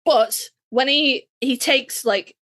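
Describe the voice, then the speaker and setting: A woman's voice: high voice, slow, fairly bright tone. Chatty, profane woman podcast co-host. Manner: chatty, profane, playfully opinionated. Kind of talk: casual chat.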